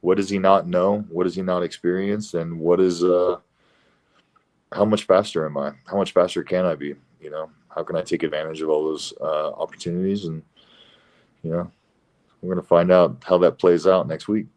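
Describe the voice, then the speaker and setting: A middle-aged man with a very low voice speaks as a fighter in a casual interview. He talks bluntly and swears now and then. His sentences stop and restart around fillers. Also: fairly even intonation, moderate pace, darkish tone. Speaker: professional fighter, guest.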